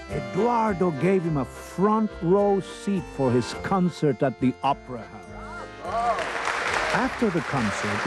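A man reads a children's picture book aloud, his voice swooping high and low with lively expression. He takes his time over each line, sounding slightly higher than most men, and music plays clearly behind him. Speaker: storyteller. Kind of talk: children's story read-aloud. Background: background music.

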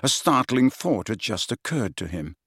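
A man reading a novel aloud as narrator, with expressive delivery. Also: medium pitch, moderate pace, slightly rough, no echo, clean studio sound. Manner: expressive reading, many character voices. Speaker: audiobook narrator. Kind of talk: scripted narration.

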